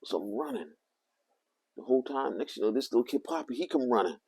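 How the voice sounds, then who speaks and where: A man vlogging, telling a rambling personal story in an animated way, swinging from loud to hushed. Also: mid-range voice, fast, breathy edge.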